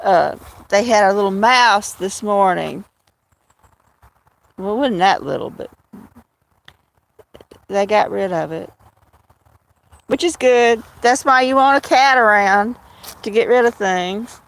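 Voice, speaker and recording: Walking outdoors to a field with her kittens, a woman hosts a casual phone livestream, rambling to her cats and viewers. Her voice is medium-pitched, and she takes it slowly with long pauses.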